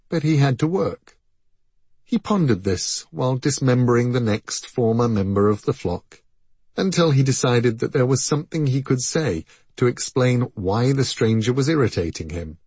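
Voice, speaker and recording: A man reading a story aloud in measured, expressive scripted narration. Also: medium pitch, breathy edge, dry recording. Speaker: audiobook narrator.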